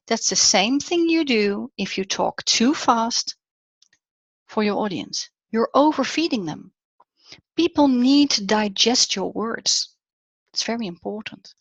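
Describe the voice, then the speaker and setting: A middle-aged woman with a Dutch accent giving an online talk on public speaking, animated and dipping to near whispers for emphasis. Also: fairly high pitch, no room sound. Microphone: video call. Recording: dull, dry online audio.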